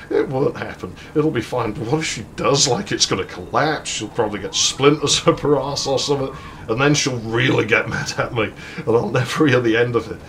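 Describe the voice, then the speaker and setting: A man's voice: medium pitch, steady tone, moderate pace, fairly bright tone, a little hiss or hum. A man casually telling a long rambling story while playing a game, swearing freely and chuckling between lines. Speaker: let's play host.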